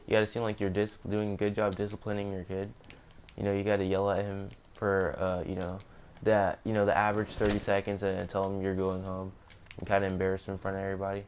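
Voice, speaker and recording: Brief: young male streamer, lowish voice, chatty storytime with asides, faint noise behind. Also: completely flat delivery, quick pace, a little mellow. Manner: rambling, self-correcting, joking asides. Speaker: gaming streamer. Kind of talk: casual storytime narration.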